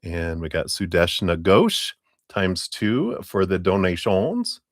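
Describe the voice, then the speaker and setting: A man's voice: deep voice, very animated, takes it slowly, no room sound, studio quality. A man hosting a live tarot reading stream, greeting viewers by name in a friendly, casual way and chuckling often.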